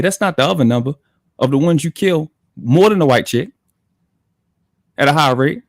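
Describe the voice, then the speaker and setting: A father from Baltimore, speaking with that city's accent, rants and swears heavily as a guest on a livestream podcast. His voice runs on the high side with vocal fry, and there's no room sound.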